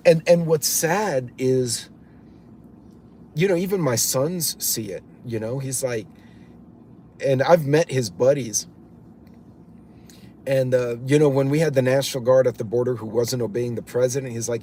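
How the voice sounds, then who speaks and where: A man's voice: mid-range voice, a little slow, long pauses, mellow, a little hiss or hum. A man hosting a live stream, rambling bluntly in casual commentary, swearing offhand and greeting viewers by name as he goes. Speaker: livestream host reading chat.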